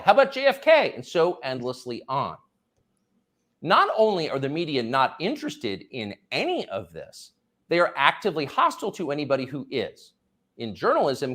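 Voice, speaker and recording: A man's voice: mid-range voice, fairly bright tone. A man delivering a sarcastic, mocking political monologue as a commentary host.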